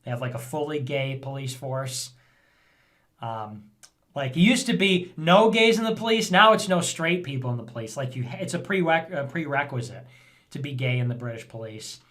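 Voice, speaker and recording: A man hosting a vlog in a casual commentary style, rambling, sarcastic and thinking out loud. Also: medium pitch, lively intonation, normal speed. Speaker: vlog host reading viewer messages.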